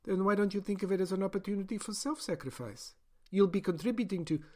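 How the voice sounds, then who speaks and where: A gaunt, defiant captive with a blunt, scornful bark, as a narrator puts him on, set a little higher and louder than the narration. He sounds as though he is shouting across a room. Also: fast.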